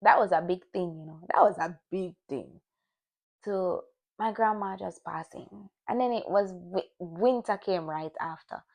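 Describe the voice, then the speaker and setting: A woman's voice: lowish voice, unhurried, creaky, a little mellow. A young woman talking candidly to camera, looking back on her year in a personal vlog. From Jamaican family. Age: young adult. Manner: candid, reflective, restarts. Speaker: vlogger.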